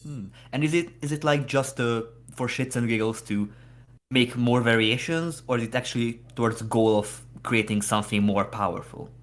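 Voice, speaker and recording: A man's voice: medium pitch, fairly even intonation, moderate pace. A man co-hosting a podcast, asking questions and making dry quips in casual chat. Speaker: podcast co-host.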